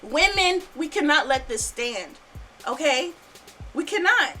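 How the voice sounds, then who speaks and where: A woman's voice: high-pitched, lively intonation, measured pace, bright, forceful tone, faint music behind, poor audio. A woman hosting a casual podcast, angry and swearing freely, repeating her points. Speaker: podcast host.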